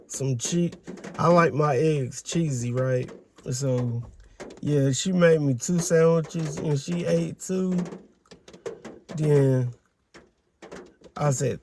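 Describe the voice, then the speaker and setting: A man speaking in a halting, candid and reflective way, recording a personal video diary. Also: a little high, a little mellow, a little hiss or hum. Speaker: vlogger.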